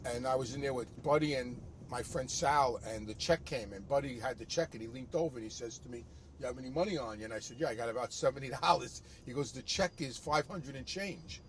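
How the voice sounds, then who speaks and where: An older man tells a story casually, slipping into punchy quoted voices. His pitch sits in the middle, and a faint hiss runs under the recording. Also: brisk. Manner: animated anecdote with acted quotes and laughs. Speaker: storyteller guest.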